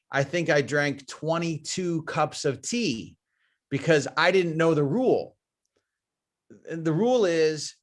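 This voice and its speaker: A man with an American accent giving a webinar lecture, explaining through step-by-step cultural examples and repeating key phrases. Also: fairly high pitch. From United States. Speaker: guest speaker.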